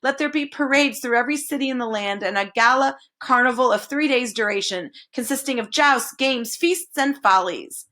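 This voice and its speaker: A woman's voice: a little high, normal speed, hardly any pauses, bright, forceful tone. Lady doing a pompous duke from a storybook, all grand and proclaiming. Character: pompous male duke reading a royal decree.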